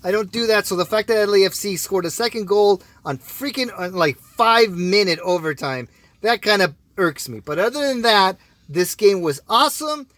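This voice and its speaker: A young man co-hosting a casual soccer podcast, gushing and excitable with drawn-out exclamations. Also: high voice, no echo. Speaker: co-host. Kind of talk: casual sports podcast chat.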